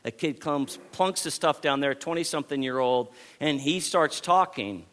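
A man from Texas, preaching a sermon in an animated way, often restarting and repeating phrases. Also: fairly high pitch, normal speed.

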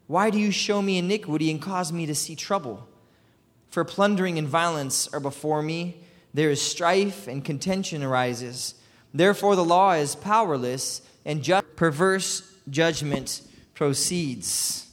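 A man preaching a sermon with passion. He rises to loud cries and breaks off for chuckling asides. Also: on the high side, a little slow. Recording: long hall reverb.

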